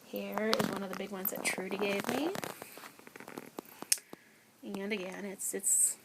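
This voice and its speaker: A woman's voice: medium pitch, level tone, unhurried, heavy background noise. Chatty woman touring her greenhouse. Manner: chatty and proud, with soft whispered asides. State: a little out of breath. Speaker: home gardener giving a tour. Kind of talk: casual video tour. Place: small backyard greenhouse.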